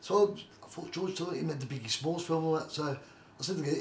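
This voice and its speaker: Fast-talking middle-aged boxer in an echoey room. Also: male voice, on the high side, a little mellow. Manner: rambling, fond of "like I say" and "do you know what I mean". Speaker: retired journeyman boxer, guest. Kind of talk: casual interview storytelling. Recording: roomy echo, faint background noise.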